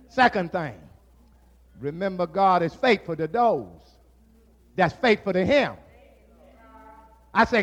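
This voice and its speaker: Male preacher, gravelly tone, slow deliberate delivery breaking into shouts. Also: sits high, animated. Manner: preaching in rising shouts with drawn-out words. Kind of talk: sermon.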